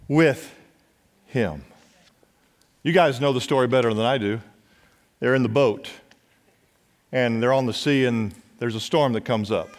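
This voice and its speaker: A man preaching a sermon as pastor, urging his congregation to respond and dropping at times to a hush. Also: medium pitch. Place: church sanctuary. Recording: long church hall reverb.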